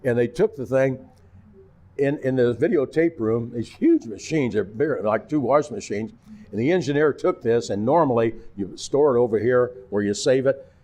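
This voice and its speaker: An older man with a Midwestern American accent, a former TV weatherman, telling animated anecdotes as an interview guest. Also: mid-range voice, moderate pace. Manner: animated anecdotes, acting out quotes. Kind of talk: casual storytelling.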